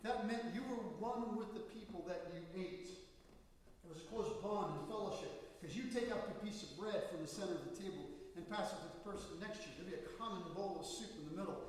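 High-voiced pastor in an echoey hall. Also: male voice, fairly quick, recorded from a distance. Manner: storytelling, animated quoting of people. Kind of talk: sermon. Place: church sanctuary.

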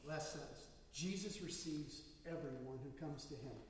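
Recorded from far back in a reverberant sanctuary, this pastor's sermon moves through storytelling toward emphatic bursts. His voice is a little high, his pace moderate, and a faint hiss or hum sits under it.

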